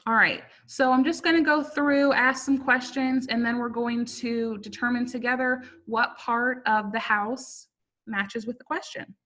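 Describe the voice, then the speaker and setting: A young woman teaching a simple online language lesson to children, speaking patiently and repeating each word slowly. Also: a little high, fairly even intonation, fairly bright tone. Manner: patient, slow repetition of words. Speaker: Spanish teacher.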